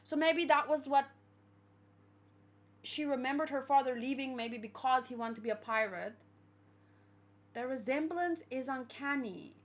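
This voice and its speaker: A young woman hosting a manga read-along, reacting in a chatty, exclamatory way and thinking out loud. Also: sits high, fairly even intonation, normal speed, long pauses. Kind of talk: casual reaction commentary.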